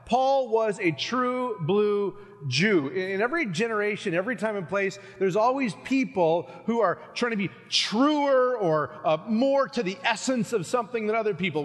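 A man in his thirties preaching a sermon as pastor, animated and conversational, swelling loud when he voices objections. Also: sits high. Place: church sanctuary. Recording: long hall reverb.

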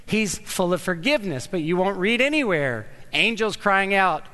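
A man preaching a sermon as pastor, emphatic and animated, repeating words for stress. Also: high voice, normal speed, few pauses, long reverb tail.

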